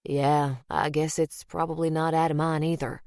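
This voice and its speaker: A woman reading the part of an earnest younger man with a Southern US drawl, gentle and reassuring in an audiobook. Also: a little high, flat delivery, normal speed, smooth, no echo, clean studio sound, lightly acted.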